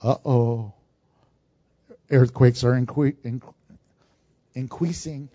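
A man's voice: mid-range voice, steady tone, slow pace, dark tone. A man preaching a sermon to a congregation in a conversational style, with asides and jokes. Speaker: pastor. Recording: dull, dry recording.

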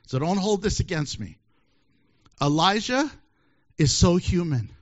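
Animated high-voiced joking preacher. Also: male voice, measured pace. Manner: animated, joking, acts out voices, laughs often. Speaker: pastor. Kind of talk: sermon. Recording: dull lo-fi sermon recording.

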